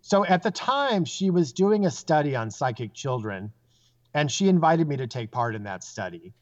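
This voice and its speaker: In a dull, lo-fi recording, a psychic guest with a slightly high voice tells stories casually at a normal speed. He's animated and gives each quoted person their own voice.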